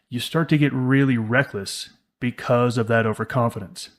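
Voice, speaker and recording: A man's voice: medium pitch, fairly even intonation, moderate pace, few pauses. A man co-hosting a casual podcast conversation, speaking emphatically and acting out quoted thoughts. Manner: emphatic, acts out quoted inner voices. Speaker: podcast co-host.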